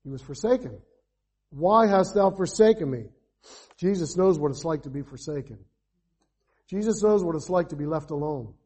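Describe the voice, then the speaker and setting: Fervent husky-voiced male preacher. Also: a little high, lively intonation, a little fast. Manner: fervent, rises to emphatic calls then drops to quiet asides; asks the congregation rhetorical questions. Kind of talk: evangelistic sermon.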